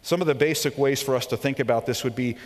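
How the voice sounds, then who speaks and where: A man's voice: medium pitch, fast. Man preaching a sermon in a reverberant hall. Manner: animated storytelling, acts out quoted voices, drops to a hush. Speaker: preacher and professor. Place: large hall.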